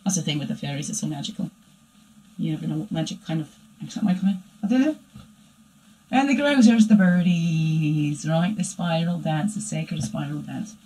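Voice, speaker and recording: A woman voicing her own playful alter-ego dark side, giving a rambling, chatty spiritual reading that keeps asking "right?". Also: deep voice, moderate pace, close to an everyday voice, low-quality recording. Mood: musing. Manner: rambling and chatty, tagging "right?" onto lines. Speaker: spiritual reader. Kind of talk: spiritual daily energy reading.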